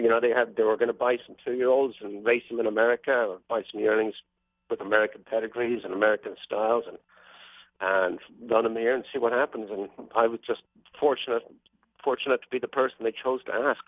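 A man's voice: mid-range voice, fairly even intonation, fast talker, no room sound. Man telling stories over a tinny phone line. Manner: chatty, anecdotal, wry. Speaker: racehorse trainer, guest. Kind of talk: storytelling interview answers. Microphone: telephone.

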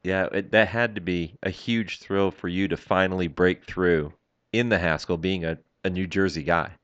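A man's voice: low-pitched, steady tone, normal speed, a bit bright, no room sound, highs cut off. A man hosting a radio talk show, prompting the guest with easygoing questions. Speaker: host.

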